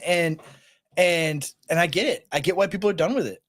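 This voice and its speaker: A male podcast host in casual political chat, animated and constantly tagging his points with "right?". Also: a little high, normal speed. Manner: animated, keeps asking "right?".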